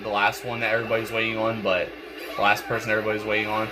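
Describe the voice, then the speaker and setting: A man's voice: on the low side, flat delivery, very fast. A young man, stuffy and congested, rambling through casual gameplay commentary with lots of fillers and repeated words. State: congested, clearing throat. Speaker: gaming channel host. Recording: game music playing behind.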